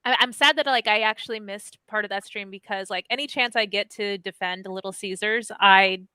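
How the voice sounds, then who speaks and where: A woman's voice: mid-range voice, fairly quick, sharp tone, clean tone, dry recording. A woman co-hosting a casual stream chat, slangy and emphatic. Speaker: co-host.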